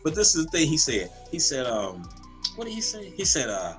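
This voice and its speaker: A man co-hosting a casual comedy podcast, talking in an animated, profane way, laughing often and repeating words as he goes. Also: on the high side, normal speed, soft background music. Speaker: podcast co-host.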